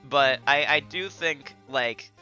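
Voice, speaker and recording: A man's voice: medium pitch, slow pace, sharp tone, dull audio, faint music behind. A man from the American Midwest with a Midwestern accent, chatting casually about a game as a streamer. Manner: chatty, self-amused. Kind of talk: casual let's play commentary.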